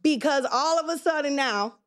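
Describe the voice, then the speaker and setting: A woman's voice: sits high, normal speed. A woman co-hosting a podcast, telling a candid, profane story in casual chat full of fillers. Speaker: podcast co-host.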